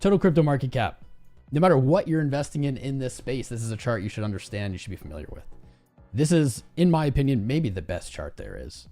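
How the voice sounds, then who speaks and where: A man's voice: mid-range voice, quick pace, soft background music. A young man hosting a crypto trading livestream, ranting casually and talking straight to his viewers with slang like "man" and "bro". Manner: animated, slangy, talks to viewers as "guys" and "man".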